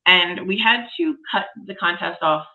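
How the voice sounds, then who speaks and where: A woman's voice: fairly low pitch, expressive, a little slow, pushed and bright, dull audio. A woman in her forties, a podcast guest, telling a story in casual, enthusiastic chat.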